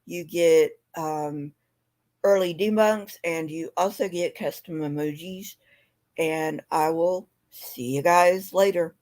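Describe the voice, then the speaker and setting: A woman's voice: low-pitched, a little mellow. A sleepy, yawning woman with a slightly sore throat, reading scripture aloud on a live stream and then signing off in loose, chatty talk. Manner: plain and unhurried, drops into loose chatty fillers.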